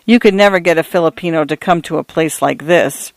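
A man's voice: fairly high pitch, brisk, gravelly, no room sound. A man doing a weary, curt priest. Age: 50s. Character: weary sour older male priest.

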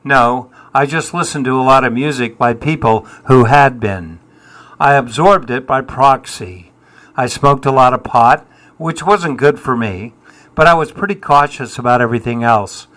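A man's voice: medium pitch, moderate pace, a bit bright. A man, answering interview questions in a wry, self-deprecating way with dry humour. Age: 70s. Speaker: musician guest.

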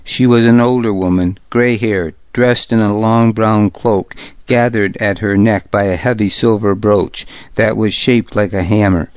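A man reading a historical novel aloud as a narrator, in a measured, steady way. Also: fairly low pitch, no echo, dull audio. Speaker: audiobook narrator. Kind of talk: scripted narration.

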